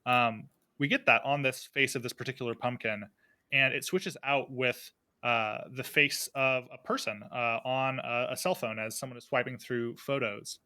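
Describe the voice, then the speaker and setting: A man's voice: medium pitch, steady tone, normal speed, bright, forceful tone, clean tone, no echo. A man acting as game master, setting scenes in a playful, cinematic way. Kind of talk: narrating a tabletop game.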